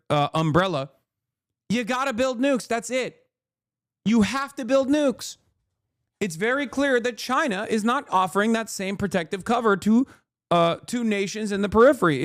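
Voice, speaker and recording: A man's voice: high-pitched, no room sound, studio quality. A man in his thirties giving heated, profane political commentary to his chat on a livestream. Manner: ranting, profane, emphatic. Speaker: political streamer.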